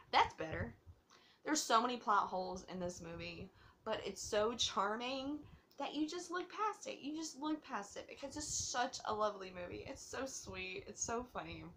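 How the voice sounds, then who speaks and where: A woman's voice: medium pitch, a bit bright, a little hiss or hum. Giggly, gushing woman reviewing films. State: tipsy from drinking. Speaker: host of a movie review channel. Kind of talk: casual movie review vlog.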